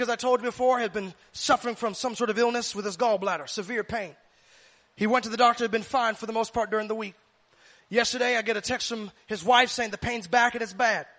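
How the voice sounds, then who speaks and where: A man's voice: very high voice, sharp tone. A man preaching a sermon with fervent, repetitive preaching cadence.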